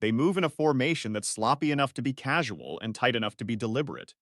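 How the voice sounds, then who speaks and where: A man's voice: medium pitch, animated, fast talker, a bit bright, no room sound, studio quality. A man narrating a first-person science-fiction story in clipped, analytical sentences.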